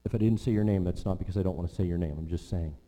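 A male pastor delivering a sermon, slow and emphatic, with rhythmic repetition, in a church. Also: low-pitched, mellow. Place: church sanctuary. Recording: long reverb of a large hall.

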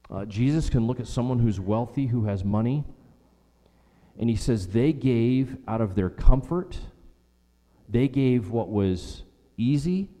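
A man's voice: medium pitch, warm tone. Male pastor, emphatic repetitive sermon delivery, voice echoing through a large hall. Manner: emphatic preaching with repetition and rhetorical questions.

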